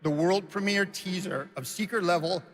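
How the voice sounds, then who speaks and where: A man gives a stage presentation, emotional and a little choked up. His voice sits somewhat high for a man and sounds bright and forceful. A long hall reverb trails each phrase. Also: moderate pace. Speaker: studio co-founder presenting on stage.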